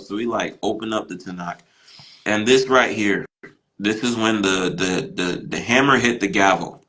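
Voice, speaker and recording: Man, bright voice, animated storyteller, casual podcast guest, lots of fillers. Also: normal speed, rough recording. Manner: animated, acts out quoted voices with big pitch jumps; frequent fillers like "you know" and "right".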